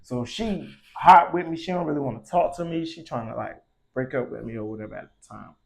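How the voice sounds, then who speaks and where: A man's voice: medium pitch, brisk, creaky. Slangy young man telling a story. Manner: slangy, profane, heated retelling. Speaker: vlogger. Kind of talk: casual storytelling.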